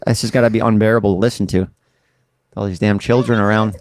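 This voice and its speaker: A man's voice: on the low side, fairly even intonation, fast, darkish tone, a little hiss or hum. A man hosting a podcast in casual chat, joking and rambling with mock-tough banter. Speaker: podcast host.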